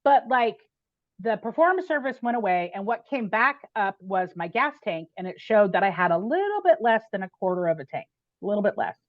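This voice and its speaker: A woman guest on a podcast telling a personal story in an animated, chatty way, with frequent "like" and "right?". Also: mid-range voice, a little fast, no room sound, highs cut off.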